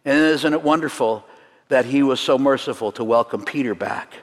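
A man teaching a congregation through a Seder, earnest and slowing down for solemn points, with light jokes along the way. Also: medium pitch, long reverb tail. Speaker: messianic teacher leading a Seder demonstration. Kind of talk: sermon-style teaching to a congregation.

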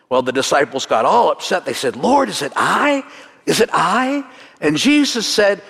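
Male preacher, slightly high voice, earnest teaching with light humor, reverberant sanctuary sound. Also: a bit bright. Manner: earnest, slows down for solemn points, light jokes and chuckles. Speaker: messianic teacher leading a Seder demonstration. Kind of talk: sermon-style teaching to a congregation.

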